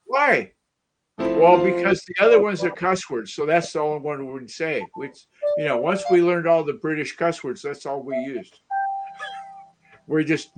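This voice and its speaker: An American man joins a live chat and tells stories in a loose, talkative way. His voice sits a little high. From United States. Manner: storytelling, chatty. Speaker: guest on a livestream.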